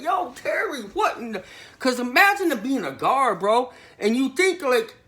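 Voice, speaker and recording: Animated rambling man telling tall tales. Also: high voice. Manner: rambling, slangy, keeps saying literally. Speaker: satirical prison storyteller. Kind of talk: comedic monologue to camera.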